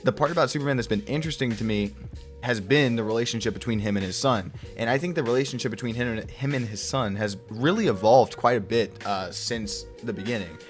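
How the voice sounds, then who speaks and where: A young man casually reviewing a comic book, rambling and profane, often slipping into quick put-on voices for the characters. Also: mid-range voice, faint music behind.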